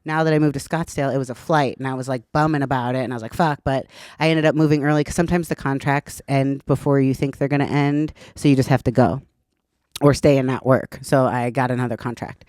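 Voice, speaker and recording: A woman's voice: very deep voice, steady tone, fast talker, darkish tone, no echo. A woman in her thirties, a podcast guest, telling her story in a candid, chatty way and swearing casually.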